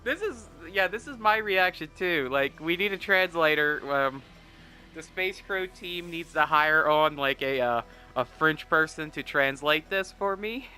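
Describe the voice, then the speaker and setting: Young guy gaming commentator, bright and forward voice, rambly and jokey, soft game music underneath. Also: on the high side, expressive, measured pace, clear, resonant tone. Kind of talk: let's play commentary.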